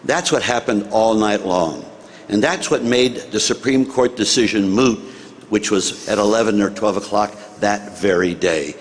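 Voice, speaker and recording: Older American man telling an animated story. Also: lowish voice, measured pace, a little hiss or hum. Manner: animated, acts out dialogue, chuckles at own story. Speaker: former senator telling a story. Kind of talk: anecdotal storytelling to an audience.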